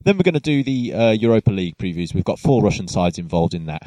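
A man's voice: on the low side, big pitch swings, fast talker, mellow, dry recording, low-quality recording. A man hosting a casual football podcast, chatty and friendly, with fillers and restarts. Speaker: podcast host.

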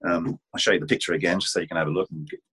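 A man with a very deep, husky voice speaks over a video call. He gives plain, relaxed, practical advice. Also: rapid-fire. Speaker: voice-over panel host. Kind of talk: webinar Q&A advice.

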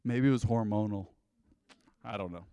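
A man preaching a sermon to his congregation, animated and conversational, with sudden loud emphasis. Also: lowish voice, moderate pace, clear, resonant tone, no echo. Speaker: pastor. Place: church sanctuary.

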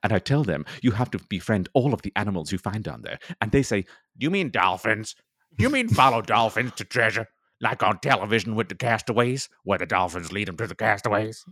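A man's voice: lowish voice, expressive, a little fast, a bit bright, no echo, studio quality. A man playing a pompous, rambling oceanographer who hunts sea treasure, reeling off long breathless run-on sentences. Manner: breathless run-on monologue, self-important. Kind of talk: comedy character monologue.

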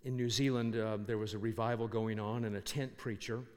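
A man's voice: on the low side, steady tone, fairly quick, a little mellow. A middle-aged man preaching a sermon, emphatic and fond of rhetorical questions. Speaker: pastor. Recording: long hall reverb.

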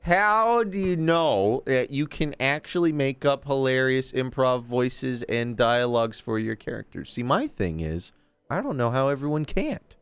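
Animated laughing young man chatting. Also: medium pitch, unhurried, clear, resonant tone, no room sound. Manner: laughing, animated storytelling with swearing. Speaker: podcast co-host. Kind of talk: casual chat.

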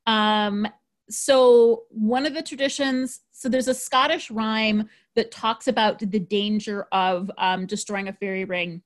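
A woman's voice: mid-range voice, steady tone, unhurried. A woman hosting a podcast, chatting casually and cheerfully about folklore, with frequent ums and likes. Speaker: podcast host.

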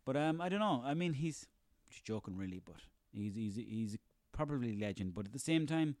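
Irish male, 30s, mid-pitched, solo comic ranter, sweary and sarcastic, dry close recording. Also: animated, a little fast, a little mellow, no echo. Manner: profane, sarcastic, ranting, rambling. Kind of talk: comic rant monologue.

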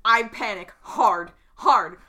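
A woman's voice: medium pitch, takes it slowly, pushed and bright. A woman playing a tabletop game, casual and thinking aloud as she decides her moves. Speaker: player.

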